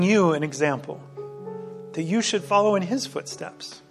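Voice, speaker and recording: A man with a notably high voice preaching a sermon. He speaks earnestly and comes back to the same phrases again and again for emphasis. Soft music plays faintly underneath. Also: measured pace, gravelly. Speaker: pastor.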